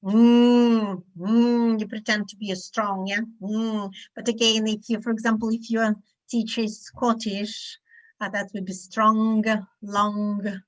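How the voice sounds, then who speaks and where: Slow, demonstrative woman teaching phonics. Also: medium pitch, little pitch movement, a bit bright, rough recording. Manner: slow, demonstrative, acts out sounds. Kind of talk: online teaching webinar. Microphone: video call.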